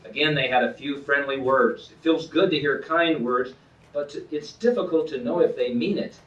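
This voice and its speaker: Male author doing an earnest, measured book reading; mid-range voice, distant mic in an echoey room, muffled lo-fi recording. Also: medium pitch, a bit bright. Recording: roomy, distant, dull lo-fi sound.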